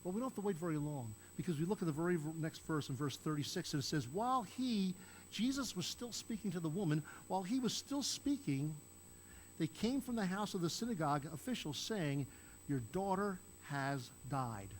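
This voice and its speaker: Animated preaching man, higher voice. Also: a little fast, a little hiss or hum, low-quality recording. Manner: animated, acts out Bible characters in raised voices. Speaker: pastor. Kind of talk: sermon.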